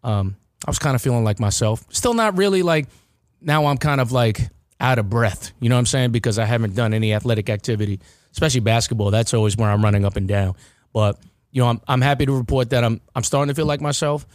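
A man's voice: mid-range voice, fast talker, no room sound. Rambling man on a podcast, dry sound. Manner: rambling, repeats words and restarts. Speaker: podcast host. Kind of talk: casual chat.

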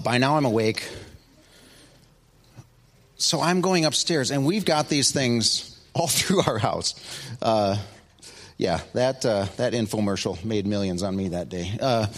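A middle-aged man preaching a sermon, telling a story with big swings between loud excitement and hushed asides. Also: medium pitch. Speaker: pastor.

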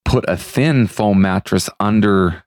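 Co-host: deep-voiced man, relaxed reader of listener tips, dry booth sound. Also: clear, resonant tone, no room sound. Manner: easygoing, reads out listener messages with pauses and fillers. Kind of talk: casual chat.

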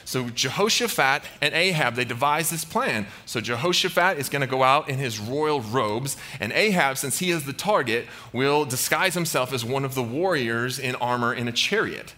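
A man's voice: medium pitch, expressive, normal speed, hardly any pauses, sharp tone. A man preaching a casual sermon, retelling a Bible story playfully and slipping into goofy character voices.

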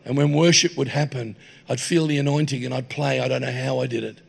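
Gravelly preacher telling stories. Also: male voice, medium pitch, fairly even intonation, a little fast. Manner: jokey, anecdotal. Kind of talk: humorous sermon storytelling. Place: church hall.

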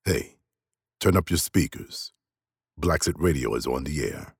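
A man announcing a radio station in a very deep, gravelly voice, from a played clip. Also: animated, a little slow, dry recording, studio quality, heavily acted.

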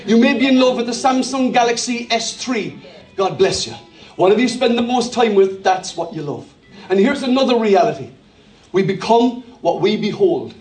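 High-voiced man preaching in an echoey hall. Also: normal speed, faint music behind. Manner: animated preacher, rhetorical questions and jokes with the congregation. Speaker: pastor. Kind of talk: sermon. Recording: echoey room from far off.

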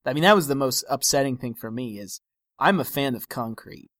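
A man's voice: mid-range voice, expressive, brisk, a bit bright, no echo. A man co-hosting a film podcast, giving wry, analytical opinions in casual discussion with frequent restarts.

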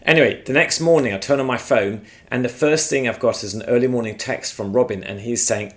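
A man from England, recorded outdoors at his home and telling a faith story with lively, shifting emphasis. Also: mid-range voice, brisk, hardly any pauses. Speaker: guest speaker. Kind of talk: storytelling testimony on video. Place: outdoors at their home, front yard.

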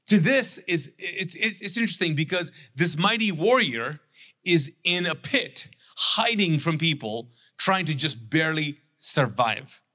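A man preaching a conversational sermon, retelling a scripture story with animated, sarcastic acted quotes. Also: a little high. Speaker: pastor.

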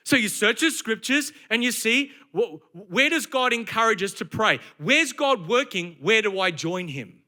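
A man preaching a sermon, emphatic and conversational, slipping into quick acted asides. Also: high voice, lively intonation, sharp tone.

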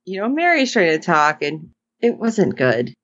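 A woman chatting through a recap in a lively, swooping voice that sits on the lower side. She slips into quick put-on voices for the characters. The sound is dry and a little dull, like a lo-fi home mic. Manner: animated, acts out characters' lines with voices. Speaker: podcast co-host. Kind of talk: casual recap chat.

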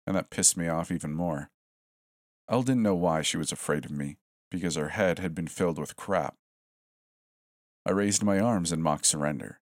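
A man with a very low voice narrates a horror story in a steady, tense way. His delivery stays even and measured, and the recording is close and dry with no room sound. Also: no echo.

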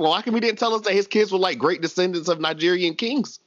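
Animated slangy man, slightly high voice. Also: fast talker, hardly any pauses, dry recording, highs cut off. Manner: animated, slangy, laughs often. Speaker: podcast co-host. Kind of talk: casual wrestling chat.

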